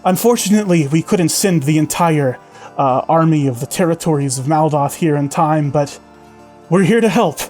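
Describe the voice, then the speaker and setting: A man's voice: fairly high pitch, moderate pace, a little mellow, faint music behind, close to an everyday voice. A man voicing an armored noblewoman leader who arrives with help, apologetic yet resolute.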